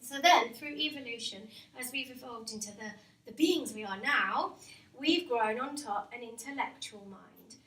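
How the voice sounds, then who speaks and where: Speaking to a live audience of office workers in a meeting room, a woman hypnotherapist keeps her talk informal and chatty, laughing a lot and asking the room questions. She has a fairly high, fairly bright voice at a moderate pace; the audio sounds distant and roomy, with faint noise behind it.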